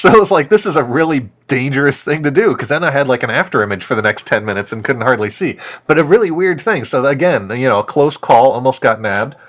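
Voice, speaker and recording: A man casually telling a long story to a co-host, animated and laughing often, with many fillers. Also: medium pitch, fast, hardly any pauses, highs cut off.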